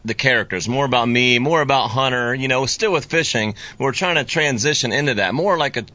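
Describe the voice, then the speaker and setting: A man talks as an interview guest, easygoing and rambling, his stories padded with "you know" and restarts. His voice is bright and forceful. The sound is dry and dull, like a lo-fi recording. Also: medium pitch, a little fast, no room sound. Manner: rambling, laid-back storytelling with many fillers. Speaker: guest, fishing video creator. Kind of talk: casual interview chat.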